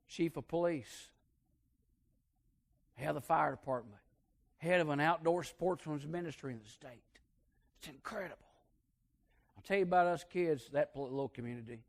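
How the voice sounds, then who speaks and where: A male preacher tells a folksy story from the pulpit in a fairly high voice. He drops to near-hushed moments, then lifts into loud, drawn-out emphasis. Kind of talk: sermon storytelling.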